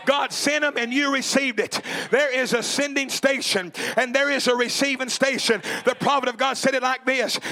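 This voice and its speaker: A man preaches to his congregation with a very high, bright, piercing voice. He builds fervent rhythmic runs of repeated phrases and breaks into shouts. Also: fairly even intonation, normal speed, few pauses. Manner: fervent, shouting in rising bursts; repetitive rhythmic preaching cadence. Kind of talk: Pentecostal sermon. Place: church before a congregation.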